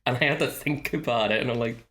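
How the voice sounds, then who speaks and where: A man with a Swansea Welsh accent chatting casually on a podcast, animated and acting out the voices of people he quotes. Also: medium pitch, fast. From Wales. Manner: animated storyteller who acts out quoted voices.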